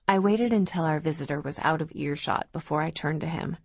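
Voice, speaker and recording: A woman narrating a novel in the first person with steady, even storytelling. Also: deep voice, normal speed, hardly any pauses, no room sound. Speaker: audiobook narrator.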